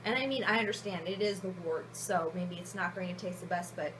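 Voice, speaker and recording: A woman's voice: on the low side, brisk, a bit bright, a little hiss or hum. A woman home brewer chatting casually through her brew day, rambling and joking at her own expense at home. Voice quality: chatty, rambling, self-deprecating.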